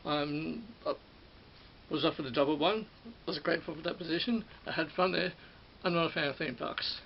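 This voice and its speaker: A middle-aged man from Australia talks informally about the ride-operating job he used to have, rambling and often repeating or fixing his words. His gravelly voice is a little high and fairly quick. The sound is dull, with faint hiss in the background.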